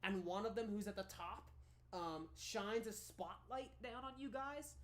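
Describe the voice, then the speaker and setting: Halting woman game master. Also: mid-range voice. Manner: halting, filler-heavy narration. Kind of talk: narrating a tabletop game.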